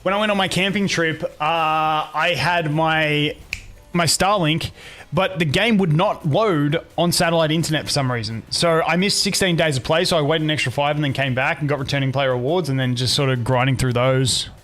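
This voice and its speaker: A man's voice: a little high, normal speed, fairly bright tone. A young man streaming, chatting casually with viewers and telling rambling stories full of swearing. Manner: swears a lot, rambling storytelling with restarts. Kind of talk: casual live-stream chat.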